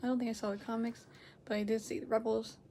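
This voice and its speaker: A woman with a fairly high voice chats to camera from home, rambling and correcting herself as she goes. She laughs often and jumps from loud, excited bursts down to soft near-whispers. A faint hiss sits under the recording. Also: fast talker. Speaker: reaction video host. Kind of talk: casual chat to camera.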